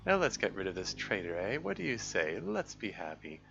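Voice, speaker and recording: A man voicing a sinister, manipulative shadow self who speaks in a low, coaxing way. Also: wildly swooping pitch, normal speed, creaky, a bit bright, muffled recording, a little hiss or hum, exaggerated voice.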